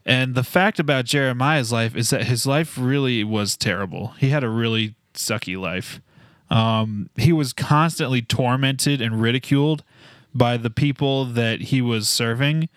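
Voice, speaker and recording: A man talking through Bible fun facts in a laid-back, explanatory way, with a middle-of-the-road pitch. He sounds close and dry. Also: unhurried, dry recording. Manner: relaxed, explanatory, a few filler restarts. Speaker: podcast co-host presenting fun facts. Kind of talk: casual Bible discussion.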